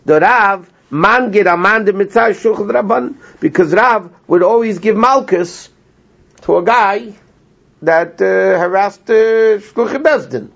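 A man teaching a small class, retelling a story with lively energy and translating as he goes. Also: high voice, a little slow, gravelly. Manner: animated storyteller, translating line by line, laughs often. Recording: lo-fi dull sound.

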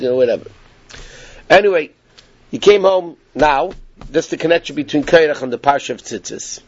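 A man teaching a Torah class, telling the story in a lively, animated way, with frequent restarts. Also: on the high side, fairly quick, muffled recording.

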